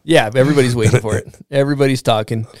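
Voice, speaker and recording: A man's voice: mid-range voice, fairly even intonation, racing, crowd noise. A man hosting a podcast in a laid-back way, chuckling now and then during a casual chat. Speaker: podcast host.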